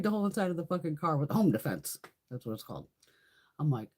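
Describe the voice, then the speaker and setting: A middle-aged woman chatting on a live stream, telling a story in a profane, animated way with a husky voice. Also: low voice, fast. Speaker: beauty vlogger. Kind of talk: casual live-stream chat.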